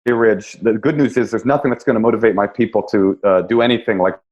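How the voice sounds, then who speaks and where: A man's voice: lowish voice, fairly even intonation, fast talker, darkish tone, lo-fi sound. A man, a comedian guest, telling wry, self-deprecating stories in a casual podcast chat. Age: young adult.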